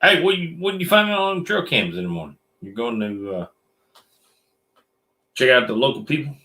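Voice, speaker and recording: A man's voice: medium pitch, big pitch swings, moderate pace, bright, forceful tone. A man co-hosting a casual late-night livestream, joking and drawling in Southern style. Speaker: livestream co-host. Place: metal shop.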